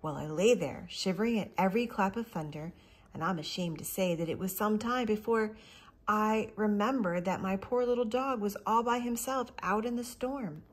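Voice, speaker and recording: A woman voicing an elderly grandfather telling a story from his boyhood in a storybook reading, with a husky voice. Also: mid-range voice, moderate pace, voice pushed up, natural voice. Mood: vivid. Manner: animated storytelling, confiding.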